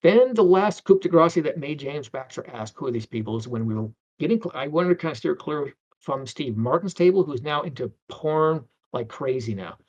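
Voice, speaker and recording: A man's voice: fairly high pitch, expressive, normal speed, hardly any pauses, darkish tone. Rambling middle-aged man, lo-fi audio. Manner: rambling, many restarts, acts out quoted voices. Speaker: interview guest, animator. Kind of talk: anecdotal storytelling. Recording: dull lo-fi sound.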